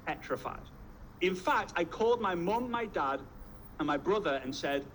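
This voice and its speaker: A man gives a motivational talk with a fairly high voice. He tells energetic stories and drives his points home with punchy repetition. A faint noise runs behind him. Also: a little slow, rough recording. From Liverpool, England. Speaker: network marketing trainer.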